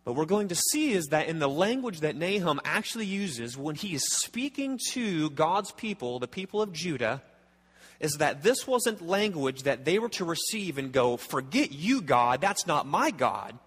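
Male pastor, a touch high-voiced, preaching earnestly with emphatic repeats, long hall reverb. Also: very animated, moderate pace, slightly rough. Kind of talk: sermon.

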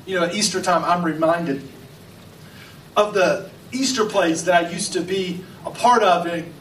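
High-voiced preacher in an echoey church. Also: male voice, a bit bright, slight background noise. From West Virginia. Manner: dramatic preaching with pauses and acted-out voices. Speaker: pastor. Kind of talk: sermon. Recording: echoey, from far off, faint music.

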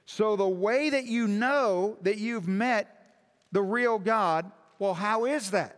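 High-voiced preacher in a reverberant hall. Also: male voice, takes it slowly, fairly bright tone. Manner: emphatic, with rhetorical questions to the congregation. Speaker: pastor. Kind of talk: sermon.

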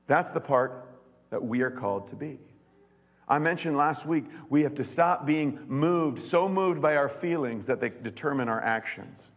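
A man preaching a sermon as pastor, reading scripture and growing animated, rising to near-shouts on key words. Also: on the high side, a little slow. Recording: long hall reverb.

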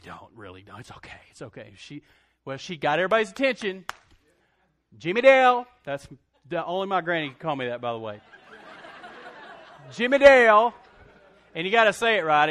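A man's voice: on the high side, pushed and bright. A male pastor, telling a personal story in a sermon and speaking straight to his congregation.

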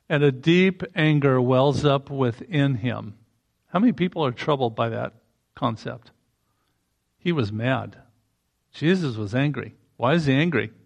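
A man's voice: medium pitch, measured pace, vocal fry. A man preaching a sermon in a conversational way, breaking into emphatic rising bursts.

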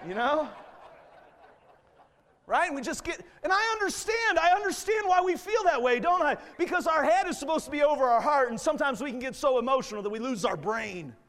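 A man preaching a fervent revival sermon as a guest preacher in a church, swelling to shouts. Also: extremely high pitch, animated, fairly quick. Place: church sanctuary. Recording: long church-hall reverb.

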